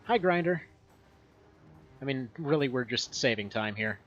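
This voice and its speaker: A man's voice: medium pitch, lively intonation, measured pace, faint music behind. Man streaming a game from home, rambly and laughing a lot, slightly muffled mic. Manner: rambling and chatty, laughs often. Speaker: gaming streamer. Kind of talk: casual gameplay commentary.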